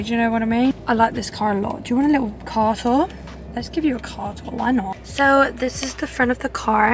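Chatty young English woman vlogging. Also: on the high side. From England. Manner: chatty, bubbly, rambling. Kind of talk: casual vlog chat.

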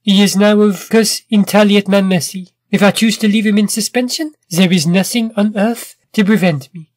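A sly, sneering inventor villain, put on by a male storybook narrator, smooth and mocking with a raised, thin pitch. The voice is dry and close, with no room sound. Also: fairly even intonation, moderate pace, no echo, close to an everyday voice. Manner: smooth, mocking, then stammering when scared.

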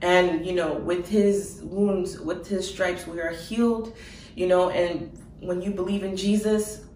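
A woman telling of her dream in an emotional personal testimony, halting with fillers and soft laughs. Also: fairly low pitch, steady tone, echoey room, recorded from a distance, slight background noise, rough recording.

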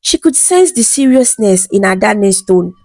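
A woman narrating a bedtime folktale in a smooth, even storytelling read. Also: mid-range voice, a little slow, dry recording.

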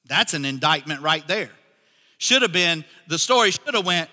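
Pastor guy preaching, high voice, super bright, lots of hall echo. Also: moderate pace. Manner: animated storytelling, acts out characters in dialogue. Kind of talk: sermon.

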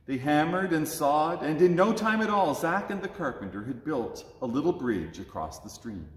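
A man reading a children's story aloud at a church service, with expressive, lively delivery in an echoey church. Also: mid-range voice, moderate pace, hardly any pauses. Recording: echoey church with long reverb.

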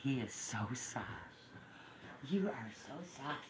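A woman at home talking soft, doting baby talk to a new cat. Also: a bass voice, expressive, takes it slowly. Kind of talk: cooing baby talk to a pet. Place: home indoors. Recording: echoey room with clear background noise.

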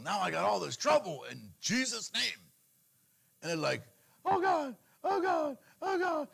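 Animated man preaching a sermon. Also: gravelly. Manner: animated preaching, mimics anxious pleas in a higher voice. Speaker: pastor.

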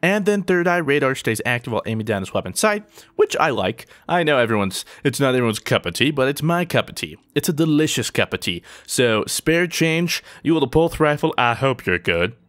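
A man's voice: mid-range voice, big pitch swings, a little fast, a bit bright. A young man giving jokey gameplay commentary, talking to opponents and himself as he plays. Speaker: gaming YouTuber.

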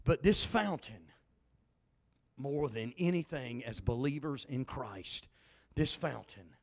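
A man's voice: medium pitch, animated, slow pace. A male pastor, preaching a fervent, folksy Pentecostal sermon full of repetition. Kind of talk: Pentecostal sermon at a Bible study.

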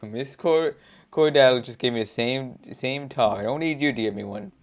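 A young adult gamer reads a visual novel aloud in a casual let's-play, chatting between lines, laughing a lot, and swearing under their breath. The voice is medium-pitched at a moderate pace.

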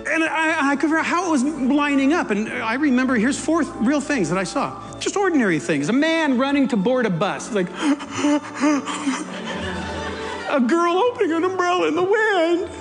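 A man's voice: very high-pitched, big pitch swings, brisk, few pauses, fairly bright tone. A man preaching a sermon, telling an emotional personal story and changing his pace for emphasis. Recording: long hall reverb with faint music.

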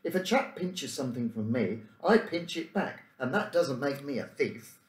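A man reading aloud and voicing a quick-tempered schoolboy who talks in a blunt, growling way. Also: medium pitch, very animated, pitched above the performer's own voice, natural voice. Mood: scornful. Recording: roomy room echo.

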